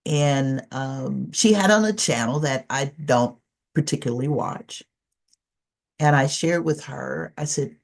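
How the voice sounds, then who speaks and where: A woman's voice: sits low, a little slow, vocal fry. A middle-aged woman giving a conversational presentation as a trainer in an online session, telling stories with animation and coaxing listeners to join in.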